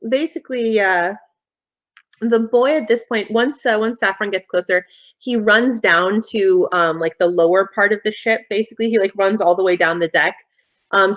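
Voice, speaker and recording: A woman running a tabletop game, narrating in a lively, rambling way. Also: medium pitch, muffled recording. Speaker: game master.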